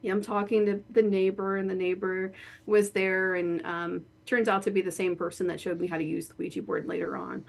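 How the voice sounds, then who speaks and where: A woman guest telling a personal story in a casual, animated way, laughing often and saying "like" a lot. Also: medium pitch, a little fast, creaky. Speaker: guest, horror author and spirit board practitioner.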